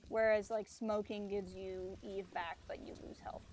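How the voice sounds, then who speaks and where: A woman's voice: mid-range voice, level tone, moderate pace, darkish tone, a little hiss or hum. A woman streaming a video game, chatting casually, explaining mechanics and teasing enemies on screen. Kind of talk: casual gameplay commentary.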